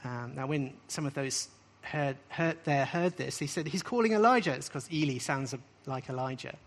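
A man with a mid-range voice and fairly even intonation speaks at a moderate pace, teaching scripture sermon-style before a live group. His delivery is emphatic and repetitive, with points frequently finishing on a rising question.

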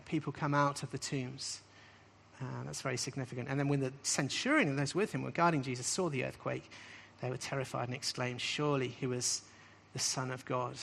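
A preacher with a gravelly, fairly bright mid-range voice gives a sermon-style scripture lesson to people gathered live. Emphatic and repetitive, he returns to key phrases and often ends a point with a rising question.

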